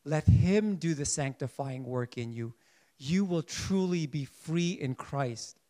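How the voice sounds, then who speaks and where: Guy preaching a sermon, kinda high voice, earnest, keeps restarting his sentences. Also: animated, takes it slowly, dark tone. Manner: earnest, searching for words with frequent restarts.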